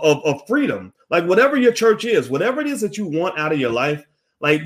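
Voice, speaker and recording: A man hosting a casual commentary monologue, animated and profane, with many restarts. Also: on the high side. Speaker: host.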